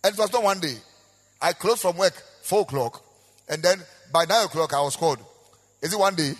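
This Ghanaian-accented man has a high voice and speaks fairly quickly as he preaches a sermon as pastor. His delivery is sing-song and repetitive, full of sung, rising and falling emphasis, and the echoey hall adds long reverb.

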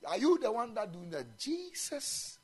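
A man preaches in a chapel, his voice slightly high and husky. He swings widely up and down in pitch as he drives his points home. He slips local-language phrases into his sermon. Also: big pitch swings, brisk. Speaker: pastor.

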